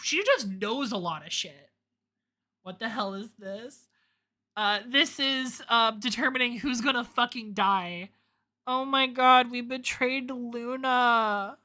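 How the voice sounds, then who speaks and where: A young woman streamer giving emotional let's play commentary, moving between loud wails and low murmurs, swearing freely. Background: lofi music.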